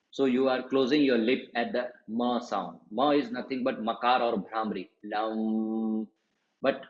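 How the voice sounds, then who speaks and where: A man giving a patient, slow-paced spoken lesson on meditation and chanting, repeating words as he explains. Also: mid-range voice. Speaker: meditation teacher. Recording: dull, roomy sound.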